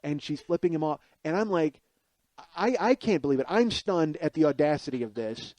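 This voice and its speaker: A man in his forties tells a comic personal story as a podcast host. He talks in a profane, rambling, self-deprecating way. His voice sits fairly high but sounds mellow and warm, in a dry recording. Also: animated, moderate pace, no echo. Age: 40s.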